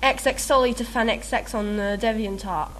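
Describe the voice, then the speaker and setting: Brief: chatty woman with a slightly high voice, rambling and self-mocking. Faint hiss under the voice. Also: normal speed, fairly bright tone. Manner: rambling, giggly, self-mocking, lots of fillers. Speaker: video maker answering a meme questionnaire. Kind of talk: casual chat.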